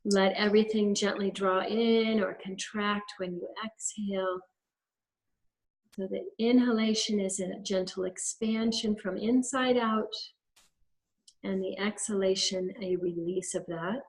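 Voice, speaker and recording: On a webinar video call, a woman working in holistic health walks listeners gently through a breathing exercise, step by step. She talks at an unhurried pace with a medium pitch and fairly even intonation, over poor audio.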